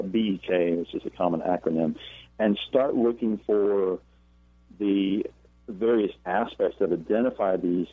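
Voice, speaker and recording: A very low-voiced man calls in as a guest and tells a long story, stopping and restarting with fillers and repeated words. His voice comes over a narrow, tinny phone line with no room sound. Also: slightly rough, dry recording. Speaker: guest, paranormal researcher and author. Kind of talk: storytelling interview.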